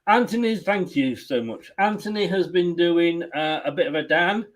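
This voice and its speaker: A man hosts a football watch-along stream in casual chat. He teases his co-host and the chat and laughs easily. His voice sits slightly high. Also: moderate pace. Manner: jokey, teasing, laughs often.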